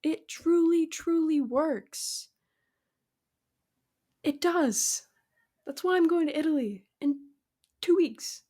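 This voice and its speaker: A woman's voice: sits high, slow, long pauses, warm tone. A young adult woman hosting a solo podcast, talking casually and upbeat about spirituality and surrender, acting out imagined conversations. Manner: upbeat, spiritual, talks through imagined dialogues. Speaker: podcast host.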